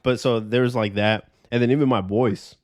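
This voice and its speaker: A man's voice: medium pitch, steady tone, moderate pace. A young man in his twenties telling stories in a loose, profane way on a casual podcast. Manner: loose storytelling with heavy cursing. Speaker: podcast host. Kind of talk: casual chat.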